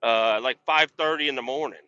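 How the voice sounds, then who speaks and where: Blunt, foul-mouthed man with a sharp, forceful voice, ranting from a truck cab, muffled lo-fi sound. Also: mid-range voice, fairly quick, no echo. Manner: profane, blunt, exasperated ranting. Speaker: podcast host and truck driver. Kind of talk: rambling casual storytelling. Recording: dull lo-fi sound.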